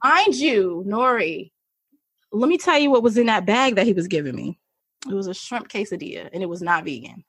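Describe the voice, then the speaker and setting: A woman's voice: mid-range voice, big pitch swings, a little fast, breathy edge, no echo. A woman guest candidly telling a personal story, chatty, laughing often and acting out what people said. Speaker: podcast guest.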